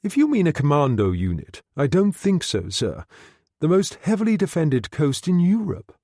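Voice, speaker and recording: A man's voice: a little high, huge pitch swings, moderate pace, mellow, no echo, clean studio sound, voice pushed up, exaggerated voice. A man reading a novel aloud, voicing a cautious brigadier who speaks carefully and deferentially. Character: cautious brigadier, intelligence chief.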